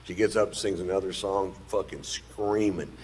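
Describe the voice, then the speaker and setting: A man's voice: low voice, moderate pace, darkish tone, a little hiss or hum. A man telling a long stand-up story in a laid-back, profane, drawling way. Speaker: stand-up comedian. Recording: played stand-up clip.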